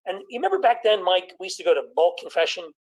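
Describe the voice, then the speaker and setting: A man in his sixties doing a stand-up comedy routine, telling stories about his childhood with quick jokes and impressions of his family. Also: high-pitched, animated, rough recording.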